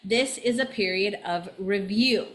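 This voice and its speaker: A woman's voice: medium pitch, measured pace, a bit bright. A woman giving a casual astrology forecast in a chatty way, often tagging "right?" and laughing, tired and a little nauseous. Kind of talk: casual monthly forecast talk.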